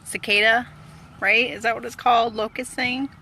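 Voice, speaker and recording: A woman's voice: fairly high pitch, steady tone, moderate pace, bright, forceful tone, a little hiss or hum. A woman live-streaming from her parked car on a phone, squealing and exclaiming in a freaked-out way. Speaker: vlogger. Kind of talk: casual live-stream chat.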